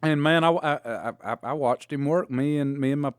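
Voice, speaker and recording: A man's voice: fairly high pitch, a little fast, smooth, no room sound. A man telling rambling road stories in casual chat as a podcast co-host, with lots of fillers and restarts. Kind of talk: casual storytelling.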